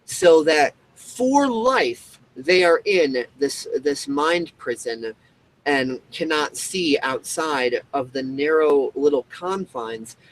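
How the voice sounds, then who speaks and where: A man's voice: on the high side, expressive, slow pace, poor audio. A man hosting a show, ranting in a rambling monologue full of fillers and restarts. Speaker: show host.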